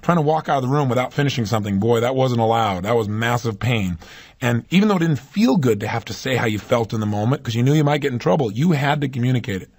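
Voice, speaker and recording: A man's voice: medium pitch, expressive, fast, darkish tone. A man giving a motivational talk, speaking emphatically and putting rhetorical questions to his listeners.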